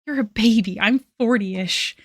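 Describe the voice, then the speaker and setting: A woman in her thirties chats and rambles casually on a livestream while she draws, laughing often and quoting memes in put-on voices. Her voice sits on the high side and moves a little slowly, captured as clean studio sound with no echo.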